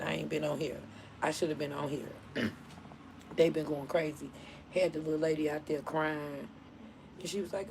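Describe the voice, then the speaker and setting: A woman hosting a casual live stream, telling stories in an animated way and laughing often. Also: low-pitched, slight background noise, rough recording.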